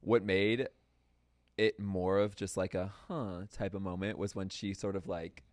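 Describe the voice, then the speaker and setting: A young man co-hosting a casual pop-culture podcast chat, relaxed and agreeable, with plenty of filler words. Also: low voice, unhurried, no room sound. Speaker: podcast co-host.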